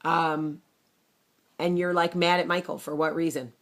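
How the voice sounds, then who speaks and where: A woman, telling a personal story to camera in a blunt, fiery, animated way. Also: deep voice, unhurried. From New Jersey. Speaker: vlogger. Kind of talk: casual talk to camera.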